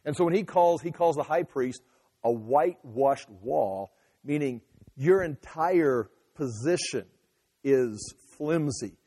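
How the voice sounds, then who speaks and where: A man's voice: fairly high pitch, expressive, slow pace, mellow, slightly rough, long reverb tail. A man giving an emphatic sermon, often restarting and repeating phrases as he teaches. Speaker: pastor.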